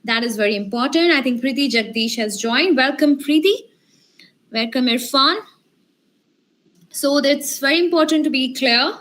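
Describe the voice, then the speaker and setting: A woman's voice: high voice, moderate pace, a bit bright. A woman leading an online workshop, encouraging the group and asking them questions. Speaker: communication skills trainer. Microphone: video call.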